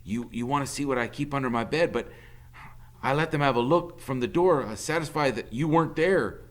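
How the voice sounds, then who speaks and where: A man voicing a cold, volatile convict father who drawls low and then barks loud threats. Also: a little fast, close to an everyday voice. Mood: menacing.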